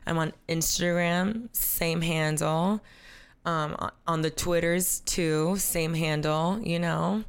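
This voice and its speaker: A woman's voice: sits low, steady tone, slow, clear, resonant tone. A young woman telling a story as an interview guest, acting out quotes and laughing often. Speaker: guest, content creator.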